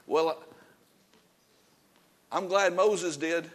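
Preaching man, lively and loud-soft. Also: very slow. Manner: conversational preaching with laughter and self-deprecating asides; swings between loud emphasis and soft, low passages. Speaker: pastor. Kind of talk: sermon.

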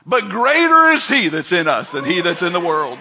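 An older man preaching a sermon as pastor, emphatic, swinging between loud calls and quiet asides. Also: sits high, sing-song, moderate pace, background noise.

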